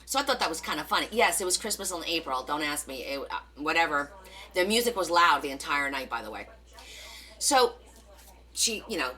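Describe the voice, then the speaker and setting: A middle-aged woman with a New Jersey accent, chatting casually on a live stream and acting out the voices in her stories, with many fillers. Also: low voice. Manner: animated, acts out quoted voices, many fillers. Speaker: live stream crafting host. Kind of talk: casual storytelling chat.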